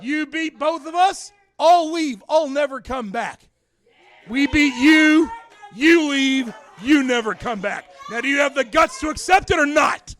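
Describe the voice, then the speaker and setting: A man cutting a cocky, taunting wrestling promo, often shouting. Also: extremely high pitch, unhurried, faint music behind.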